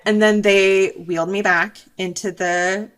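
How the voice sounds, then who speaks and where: A woman's voice: medium pitch, steady tone, unhurried, a bit bright, clear, resonant tone. Candid young woman telling a personal story. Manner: candid, reflective storytelling with frequent fillers. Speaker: interview guest.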